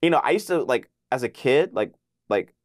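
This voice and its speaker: A young man, a voice actor guest, telling an excited story in a casual interview, full of filler words and acted-out quotes. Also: mid-range voice, normal speed, no room sound, studio quality.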